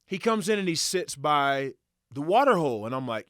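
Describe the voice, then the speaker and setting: A man as a podcast guest, telling a hunting story in casual, animated and profane style, acting out quotes. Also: high voice, measured pace, no room sound, studio quality. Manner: animated, profane, excitable retelling with acted quotes.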